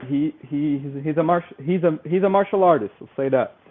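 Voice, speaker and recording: A man's voice: a little high, a little fast. A man joining a casual boxing chat as a guest, talking loosely and joking. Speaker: guest on call. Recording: tinny call audio.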